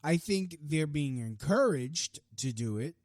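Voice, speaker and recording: The voice is fairly high, expressive and a little mellow: a young podcast host on a heated, profane rant. He speaks fast with many restarts, in a dry recording with clean studio sound.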